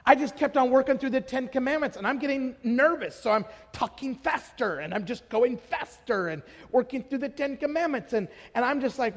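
A man's voice: extremely high pitch, expressive, a little fast, long reverb tail. A man from Idaho preaching a sermon, telling stories and asking the audience rhetorical questions, building to emphatic declarations.

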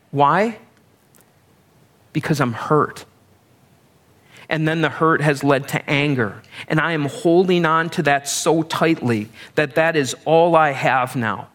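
A middle-aged man preaches in a relaxed, conversational way. His voice sits a little higher than most men's. He leans on self-deprecating humor and homely examples to make his point. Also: normal speed. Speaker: pastor. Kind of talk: sermon.

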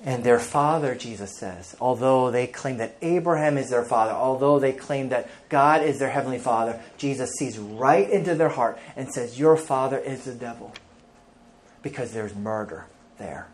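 A man's voice: medium pitch, normal speed. A male pastor preaching an emphatic sermon, reading scripture aloud and speaking directly to the congregation.

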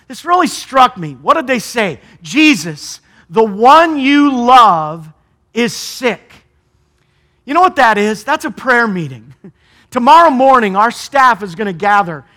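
Middle-aged guy pastor preaching, high bright voice, chatty, keeps asking the crowd stuff. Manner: conversational preaching with rhetorical questions. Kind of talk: sermon.

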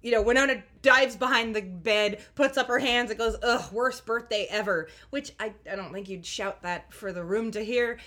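Wry, animated woman recapping a show. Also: fairly high pitch, moderate pace, hardly any pauses. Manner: wry, animated, acts out quoted lines. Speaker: podcast co-host recapping a show. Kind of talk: casual chat.

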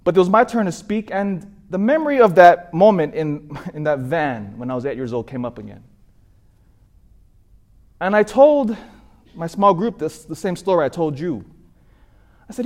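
A man's voice: a little high, expressive, normal speed, pauses often, a little mellow. A man from California, a priest, preaching a sermon in an earnest storytelling manner that rises for emphasis.

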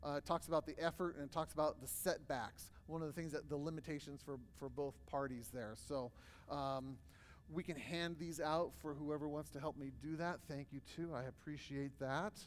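A man's voice: a little high, fairly even intonation, normal speed, slight background noise. A man presenting a workshop to a live audience, telling stories casually with plenty of fillers. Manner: casual storytelling with many fillers. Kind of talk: live class talk to an audience. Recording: long hall reverb.

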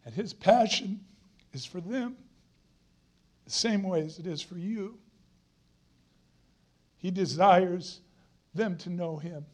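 Male guest preacher, middle-aged, fairly high voice, earnest emphatic sermon delivery with repeated lines. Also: takes it slowly, pauses often, a little mellow.

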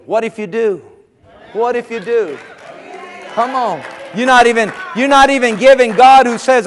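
A man preaching a sermon, his delivery fervent and repetitive, building up to shouts. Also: very high-pitched, expressive, unhurried, some chatter behind, a little hiss or hum. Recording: long echo of a large hall.

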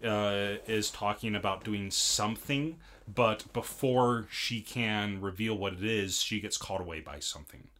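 A man's voice: lowish voice, unhurried, a bit bright. A man in casual chat recapping an anime episode, rambling with many fillers and restarts. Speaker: podcast co-host.

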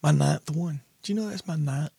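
A man's voice: on the high side, normal speed, creaky, warm tone, husky, no echo. A man co-hosting a podcast in casual chat, easygoing and self-deprecating. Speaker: podcast co-host.

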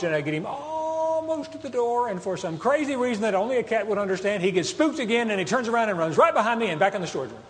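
A man preaching, telling a funny story with lively acted-out bits, meowing and shouting the lines he quotes. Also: high voice, a little hiss or hum. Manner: animated storyteller, acts out meows and shouts. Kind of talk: storytelling sermon. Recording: hall reverb with faint ambience.

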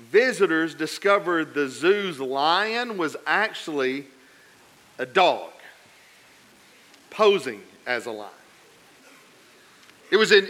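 A man preaching a sermon, telling a story with lively swings between loud emphatic passages and quiet, low asides. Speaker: pastor.

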